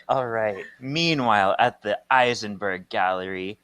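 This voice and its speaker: A man's voice: fairly low pitch, unhurried, a loud crowd. A man co-hosting a podcast, recapping a comic in casual, playful chat and laughing often. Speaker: podcast co-host.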